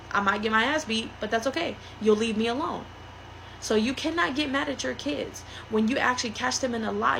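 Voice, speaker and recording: A woman's voice: a little high, vocal fry, fairly bright tone, slight background noise. A woman giving a blunt, heated monologue to her viewers, speaking her mind. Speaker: vlogger. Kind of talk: opinionated monologue to camera.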